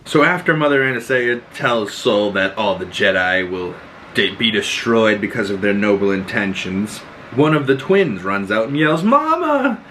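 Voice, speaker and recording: A man hosting a podcast, recapping a show in excitable casual chat, swearing freely and acting out the scenes. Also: fairly low pitch, moderate pace, a little hiss or hum, rough recording. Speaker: podcast host.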